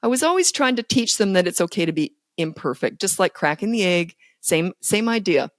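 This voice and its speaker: A woman's voice: medium pitch, lively intonation, a little fast, no echo, clean studio sound. A woman in her sixties, a parenting guest on a podcast, talking in a candid, self-deprecating way and laughing often. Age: 60s. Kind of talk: casual podcast interview.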